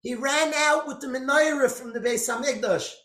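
A man giving an impassioned storytelling sermon, swinging between loud outbursts and hushed lines. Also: extremely high pitch, moderate pace. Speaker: speaker giving a religious talk. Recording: echoey room.

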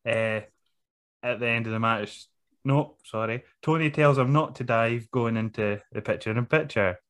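A man's voice: medium pitch, normal speed, fairly bright tone. A man co-hosting a casual podcast chat, laughing often, swearing and joking as he recaps a show. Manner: laughs often, swears, does mocking voices. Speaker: podcast co-host.

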